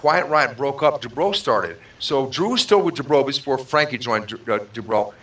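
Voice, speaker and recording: A man's voice: mid-range voice, lively intonation, moderate pace, fairly bright tone, far from the mic. A male guest drummer telling stories casually and quoting the dialogue of others. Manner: narrates with quoted dialogue, tangential. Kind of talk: casual storytelling.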